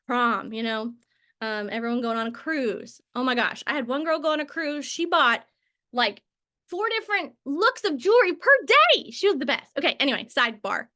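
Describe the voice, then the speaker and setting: Woman trainer, high bright voice, rambling and friendly. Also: animated, normal speed. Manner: chatty, tangents and filler words. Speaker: network marketing trainer. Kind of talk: casual training talk.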